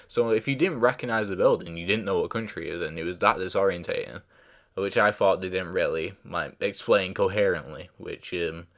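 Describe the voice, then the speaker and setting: A man giving a casual spoken review, rambling with many fillers and restarts and stopping to apologise when he forgets names. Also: lowish voice. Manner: loses track of names, apologises. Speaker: show reviewer.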